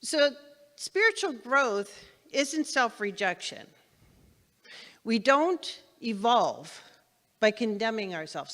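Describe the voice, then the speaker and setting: A woman minister giving a spiritual lesson to her congregation, conversational and repeating phrases for emphasis. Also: a little high. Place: spiritual center meeting hall. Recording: long reverb in a hall.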